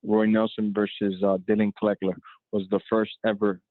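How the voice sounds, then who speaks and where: A man's voice: lowish voice, monotone, moderate pace, dry recording. A man calling in as a guest fight promoter, talking loosely and candidly with many fillers, over a tinny phone line. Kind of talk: casual phone interview.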